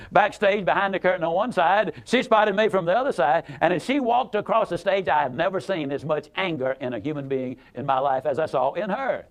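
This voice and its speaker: A man giving a motivational speech, telling a story in a folksy, emphatic way and repeating words for effect. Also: high-pitched. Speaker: motivational speaker.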